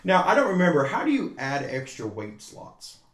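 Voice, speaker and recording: Animated man telling a gaming story. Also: on the high side, moderate pace, roomy sound. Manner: animated, acts out quotes in changing voices. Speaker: podcast co-host. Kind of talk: casual storytelling chat.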